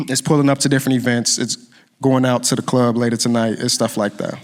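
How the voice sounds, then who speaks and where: A man co-hosting a live podcast, chatting in a relaxed, teasing way. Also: medium pitch, a little fast. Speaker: podcast co-host. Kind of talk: casual chat on a live podcast.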